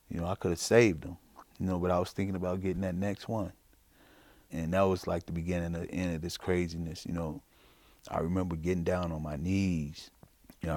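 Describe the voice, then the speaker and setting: A middle-aged man from Chicago giving a personal testimony in a halting, informal way, full of fillers. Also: low voice, creaky, a little mellow, no echo. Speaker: interviewee.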